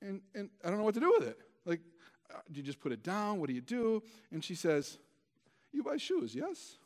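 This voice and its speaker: A man's voice: high voice, very animated, fast. A male pastor preaching a storytelling sermon in a conversational, self-deprecating way, with many stammered restarts.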